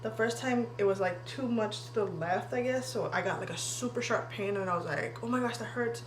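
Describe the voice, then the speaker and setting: A woman's voice: mid-range voice, brisk. A young woman vlogger telling a story in a candid, chatty way, swearing freely and saying "like" often, while getting ready. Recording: echoey room with faint hum.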